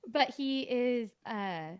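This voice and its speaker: A woman's voice: fairly high pitch, expressive, takes it slowly, smooth. A woman in her thirties, co-hosting a podcast in a casual chat, telling stories with lots of fillers. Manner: chatty, storytelling with many fillers. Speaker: podcast co-host.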